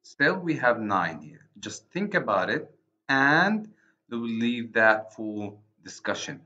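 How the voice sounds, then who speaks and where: A man with an Arabic accent giving a recorded university lecture on poetry, speaking haltingly and correcting himself often. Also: mid-range voice, sing-song, pushed and bright. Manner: slow, halting, many restarts and self-corrections. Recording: dull lo-fi recording.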